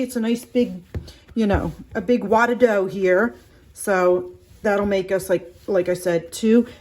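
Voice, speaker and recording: A middle-aged woman with a medium-pitched, slightly mellow voice chats casually while demonstrating baking at home. She rambles with fillers and restarts, and kneading makes her voice a little shaky.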